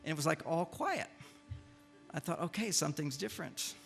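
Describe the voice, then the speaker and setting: An older man giving a humorous lecture to a live audience, an animated storyteller who acts out the lines he quotes. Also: a little high, moderate pace, gravelly, soft background music. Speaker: speaker giving a talk.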